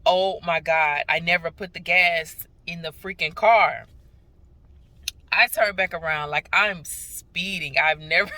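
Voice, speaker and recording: A woman's voice: fairly low pitch, pushed and bright. A young woman vlogging in a casual, chatty way and telling stories with a lot of drama. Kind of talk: casual vlog chat.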